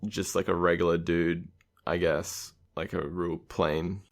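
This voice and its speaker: A man guest on a podcast, brainstorming game ideas in a loose, rambling way full of "like" and quick laughs. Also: low voice, level tone, creaky. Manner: rambling, heavy use of filler "like", laughs often.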